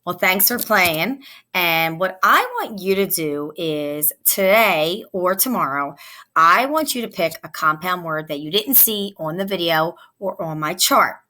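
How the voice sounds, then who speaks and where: A woman's voice: lowish voice, measured pace, pushed and bright. A woman teacher giving a recorded phonics lesson to young children, patiently sounding out each word. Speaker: elementary teacher.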